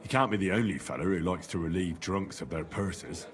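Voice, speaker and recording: A man's voice: low voice, brisk, natural voice. An actor playing a plain-spoken young male adventurer who asks matter-of-fact questions.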